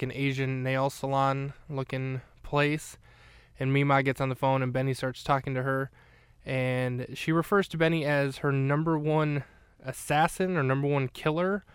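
A man's voice: mid-range voice, smooth, no echo, clean studio sound. A man hosting a podcast, recapping a film in casual, rambling chat full of fillers and restarts. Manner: rambling, chatty, with many fillers.

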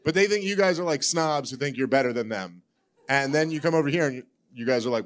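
A man's voice: fairly high pitch, quick pace. A man hosting a live podcast in front of an audience, joking and sarcastic in loose, rambling banter. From Northeastern US. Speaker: podcast host.

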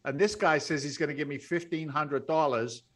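A middle-aged man, a podcast guest, telling stories in a blunt, salty, animated way. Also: a little high, normal speed. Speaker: podcast guest, real estate investor. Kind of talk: storytelling interview.

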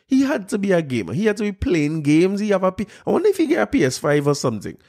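A man's voice: high-pitched, wildly swooping pitch, fast, a little mellow. A man, mocking a news article he reads aloud, incredulous and laughing at it. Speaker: commentator reacting to a news article. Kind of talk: mocking commentary on a news story.

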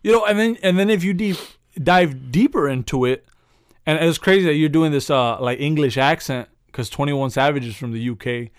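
A man's voice: fairly high pitch, normal speed, smooth, no echo. Male podcast co-host, loose profane chat, frequent laughs, dry mic. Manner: rambling, profane, laughs often. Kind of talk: casual chat.

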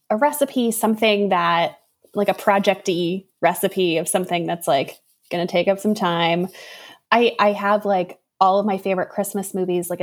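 A woman author, a guest on a podcast, talking in a relaxed, reflective way. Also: mid-range voice. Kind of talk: casual chat.

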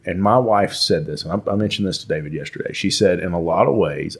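A man's voice: a bass voice, breathy edge. A man with a Southern US drawl hosting a podcast, talking earnestly with frequent restarts. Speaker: podcast host. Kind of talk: casual podcast chat.

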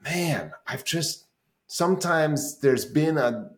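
A man's voice: fairly high pitch, takes it slowly. A man in his forties, a music therapist, telling stories animatedly in a casual interview and swearing freely. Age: 40s. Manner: animated, swears freely, acts out his own past thoughts. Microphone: podcast call.

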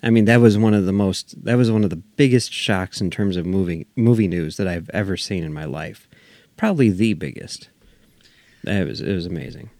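A man's voice: low-pitched, fairly quick, dry recording. A man talking as a podcast guest in casual chat, acting out his reactions. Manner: animated, acts out his own reactions.

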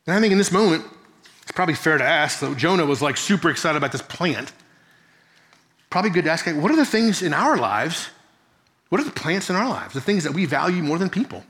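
A male Bible teacher preaching in a large church hall, his slightly high voice carried on a long reverb. He explains earnestly, asks the room rhetorical questions and corrects himself mid-sentence. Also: very animated, brisk, fairly bright tone. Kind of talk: sermon.

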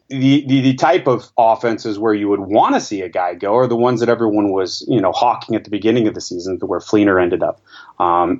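A man co-hosting a podcast as a stats analyst, measured and hesitant, restarting words often. His voice sits low. The line sounds dull and lo-fi. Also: darkish tone. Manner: measured, hesitant, many fillers and repeats. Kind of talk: casual podcast discussion.

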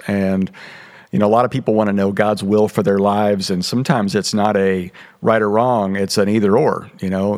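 A man's voice: on the low side, steady tone, moderate pace, darkish tone. A man with a Southern drawl hosting an interview, asking conversational questions and affirming his guest. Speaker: podcast host.

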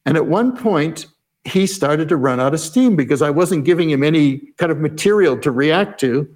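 A man telling a story as an interview guest, explaining in a measured way and voicing his own inner questions aloud. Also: fairly high pitch, expressive, darkish tone. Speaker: podcast guest, negotiation expert.

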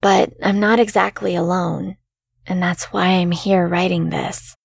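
A woman reading a first-person horror story in a calm, measured way as the show's narrator. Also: fairly low pitch, creaky, husky, no room sound, studio quality.

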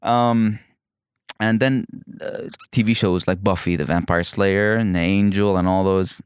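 This guest comedian, from the United Arab Emirates and a first-language Evazi Persian speaker, chats playfully in a casual interview, animated and constantly restarting his sentences. His fairly low voice is clear and resonant, unhurried, and recorded dry and close without echo.

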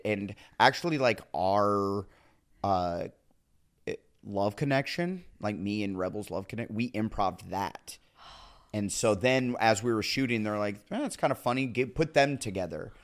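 A man's voice: lowish voice, unhurried. A man in his thirties chatting as a podcast guest, rambling with restarts. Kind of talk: casual podcast chat.

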